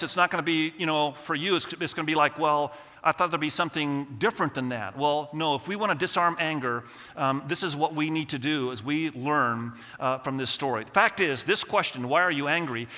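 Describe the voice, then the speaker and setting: A man preaching a sermon, reading scripture slowly and asking the congregation questions in a conversational way. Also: a little high, pushed and bright. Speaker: pastor. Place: church sanctuary. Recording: church hall with long reverb.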